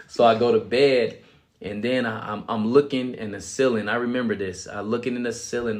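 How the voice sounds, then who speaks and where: A man's voice: fairly low pitch, fairly even intonation, brisk. A young man casually telling his life story as a guest, acting out quotes and laughing often. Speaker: guest sharing his testimony.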